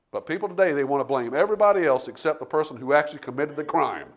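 A middle-aged man preaching a sermon, telling homey stories and building to forceful emphasis. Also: fairly high pitch, rapid-fire. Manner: folksy storytelling preacher, rising to forceful emphasis. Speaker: pastor.

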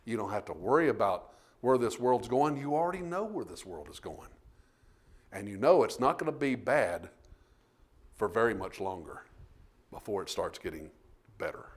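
A man preaching a sermon, telling a folksy story with emphatic, animated delivery. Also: lowish voice, normal speed, long pauses, husky.

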